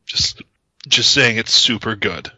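A man's voice: lowish voice, slow pace, bright, forceful tone, no room sound, muffled recording. A man co-hosting a podcast, chatting casually and teasing his co-host in joking banter. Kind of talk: casual chat about card games.

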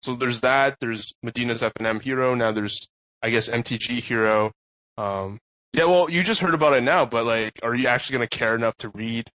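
Male co-host, mid-pitch, dry close mic, calm and measured. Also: dry recording. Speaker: podcast co-host. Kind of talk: casual podcast chat.

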